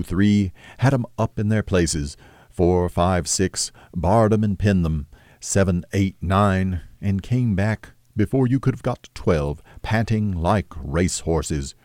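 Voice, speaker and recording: A man narrating a classic novel as an audiobook, with a steady, measured delivery. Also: deep voice, dry recording, studio quality.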